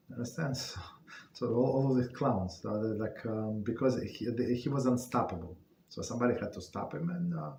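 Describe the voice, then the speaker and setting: Halting man teaching a Torah class. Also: medium pitch, a little mellow, roomy sound, a little hiss or hum. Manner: halting, many fillers and restarts. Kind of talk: casual spoken Torah class.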